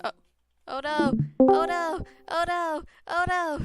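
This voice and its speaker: A woman's voice: extremely high pitch, fairly even intonation, slow. A woman hosting a game playthrough, chatting casually and giggling often. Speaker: let's play host. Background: game music.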